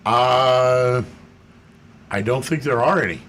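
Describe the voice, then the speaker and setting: A man's voice: mid-range voice, slow, fairly bright tone. Matter-of-fact male car expert. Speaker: auto expert. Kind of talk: radio call-in chat.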